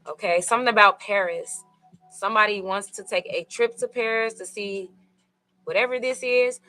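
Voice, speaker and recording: A woman's voice: medium pitch, steady tone, moderate pace, pushed and bright, faint music behind, rough recording. A woman with giving a casual, rambling tarot reading, full of fillers and asides to her viewers. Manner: rambling, conversational, with many fillers. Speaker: tarot reader.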